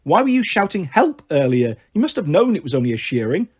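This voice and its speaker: A man's voice: on the high side, sing-song, a little fast, husky. A man voicing a boy stuck as a sheep in a storybook, deflated and sighing. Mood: glum. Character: boy turned sheep, fed-up and glum.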